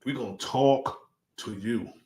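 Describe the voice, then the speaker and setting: A man addressing his followers in a deliberate, preaching cadence, repeating his key points. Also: mid-range voice, dark tone.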